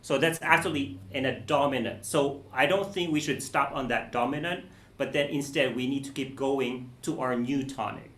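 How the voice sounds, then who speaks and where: A man teaching a cello masterclass, explaining bowing and phrasing patiently, with many pauses, restarts and "okay"s. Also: mid-range voice, a bit bright. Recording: roomy echo.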